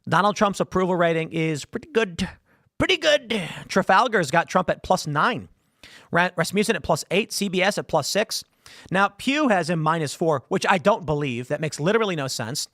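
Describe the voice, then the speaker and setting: A man hosts a live political stream in a sarcastic, mocking tone. His voice sits a little high and swings widely in pitch. The sound is close and dry, with almost no room around it. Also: lively intonation, moderate pace, fairly bright tone, dry recording. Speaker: political show host. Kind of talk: opinionated live-stream commentary.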